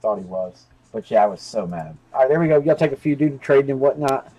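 A man's voice: mid-range voice, lively intonation, fast talker, warm tone, poor audio. Chatty guy hosting a live card break. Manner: rambling and chatty, talks straight to viewers, curses freely. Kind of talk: casual live-stream chat.

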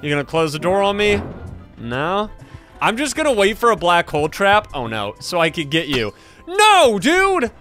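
A young man giving excited gameplay commentary, trash-talking other players and laughing often. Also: high voice. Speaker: gaming YouTuber.

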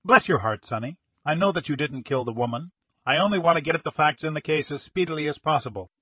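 A man reading as a gruff police inspector. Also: fairly high pitch, bright, forceful tone, dry recording, voice pushed up. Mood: reassuring. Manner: gruff, brisk, commanding. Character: gruff middle-aged male police inspector. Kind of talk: audiobook character reading.

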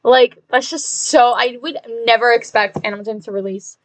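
A bubbly, chatty woman live-streams a game, casually reading chat messages aloud and thanking viewers with excited squeals. Her voice is a little high and her pace is normal.

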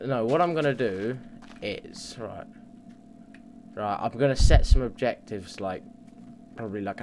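A man's voice: medium pitch, slight background noise. A man giving casual, rambling let's play commentary on a computer mic, talking to himself and swearing freely. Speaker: gaming channel host.

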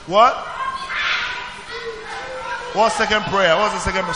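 A man's voice: sits high, takes it slowly, pauses often. A man teaching a children's church in call-and-response, asking questions and prompting the group to answer. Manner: animated, questioning the audience, calling for answers. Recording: reverberant hall.

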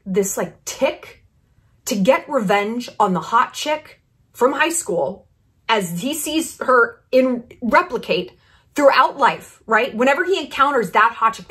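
A woman hosting her own vlog, talking bluntly and profanely with strong opinions and lively asides. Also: medium pitch. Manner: animated, drops into asides and mock quotes. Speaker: vlogger host. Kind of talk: casual commentary vlog.

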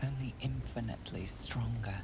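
A woman narrating a video game, with measured, hushed scripted narration and a gravelly voice. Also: extremely low pitch, noisy background. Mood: calm.

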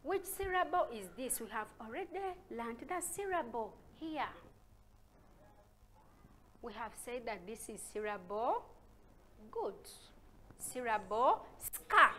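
Slow, emphatic Ugandan teacher woman. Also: on the high side, slight background noise. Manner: slow, sounds out syllables with loud stressed calls. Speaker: primary school teacher. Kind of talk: recorded reading lesson for young children.

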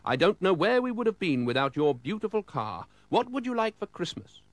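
A man doing a high, solemn old Father Christmas. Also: very animated, fairly quick, no room sound. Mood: grateful. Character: mysterious elderly male Father Christmas, solemn and kind.

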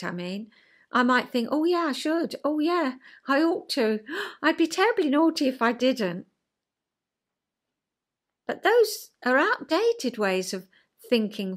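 Woman host, fairly high voice, casual chat, mimics voices with big pitch leaps. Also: a bit bright. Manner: acts out quoted voices with big pitch jumps; chatty, checks in with listener. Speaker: podcast host. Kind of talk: casual chat explaining psychology.

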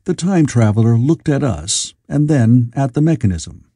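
A male audiobook narrator reads in a measured, expressive way. His voice is mellow and slightly husky, with a lively pitch. The recording is dry and close. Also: no echo. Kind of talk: scripted narration.

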